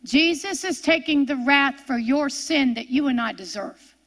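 Woman preacher, high bright voice, deliberate emphatic sermon delivery. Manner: slow, emphatic, rising to impassioned scripture reading.

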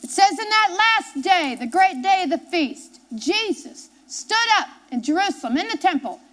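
A woman's voice: extremely high pitch, very animated, moderate pace, a bit bright. A woman pastor preaching a sermon, reading scripture aloud and driving points home with repetition and questions to the congregation. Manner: emphatic, repeats key phrases, asks the congregation questions.

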